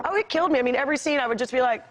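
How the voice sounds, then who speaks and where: A woman's voice: sits high, animated, very fast. A woman in her forties, a guest on a talk show, chatting in a bubbly, gushing way with frequent laughter. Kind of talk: casual chat. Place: TV studio with audience.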